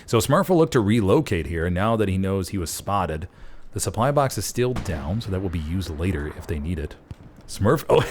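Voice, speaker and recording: A man casting a competitive online shooter match play-by-play, folksy and excitable, jumping up in pitch at big plays. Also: normal speed, slight background noise. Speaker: esports caster. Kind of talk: play-by-play game commentary.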